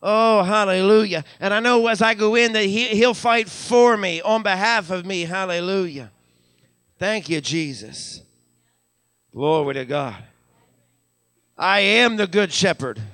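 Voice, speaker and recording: A man's high-pitched, smooth, slightly bright voice preaches a live sermon at a moderate pace with few pauses, pastoring from a church sanctuary. His accent is Western Pennsylvania, and he repeats words in a stammer as he builds up, calling out hallelujah. No room sound.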